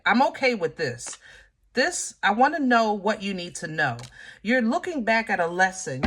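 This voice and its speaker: A woman with a bright, forceful voice gives a casual tarot reading to her viewers. She drawls through fillers and restarts, and her frustration keeps breaking through. Her voice sits at an ordinary pitch for a woman. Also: a little hiss or hum. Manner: emotional, frustrated, talks straight to viewers. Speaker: tarot reader.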